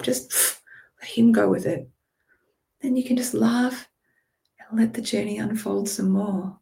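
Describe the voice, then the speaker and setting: Gravelly woman guiding a visualization. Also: medium pitch, moderate pace. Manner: drifting, playful, mixes calm with casual swearing. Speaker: meditation guide. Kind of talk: guided visualization.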